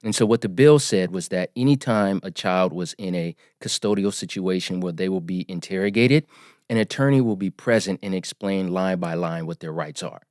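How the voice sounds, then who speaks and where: A man in his forties, a podcast guest, telling his story in an earnest, emphatic, measured way. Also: deep voice, a little mellow, no room sound, studio quality. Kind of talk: storytelling interview.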